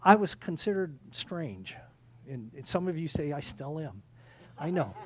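A man preaching a sermon in a conversational way, halting with restarts and repeating key phrases. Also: fairly high pitch, big pitch swings, darkish tone, slightly rough. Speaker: pastor.

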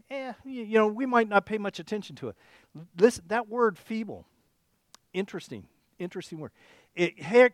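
High-voiced man preaching conversationally. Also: no echo, clean studio sound. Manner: conversational preaching, frequent restarts and rhetorical "okay?" checks. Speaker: pastor. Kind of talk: sermon. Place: church service.

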